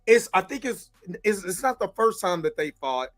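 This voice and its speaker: A man hosting a casual movie review chat, animated and laughing often as he acts out scenes. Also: high voice, normal speed. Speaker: host.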